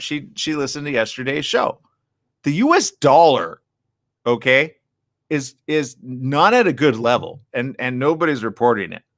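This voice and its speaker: A man's voice: a little high, pushed and bright, no room sound, studio quality. A man hosting a live morning show, ranting bluntly and sarcastically while running on little sleep. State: sleep-deprived. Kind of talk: casual live-stream commentary.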